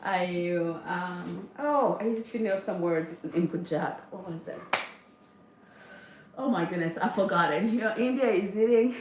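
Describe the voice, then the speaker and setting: In a lowish, unhurried voice, a middle-aged woman chats through a casual kitchen livestream while she cooks, reading viewers' comments aloud and laughing often. She's the host and a mother of a large family, and the audio carries kitchen echo and faint noise.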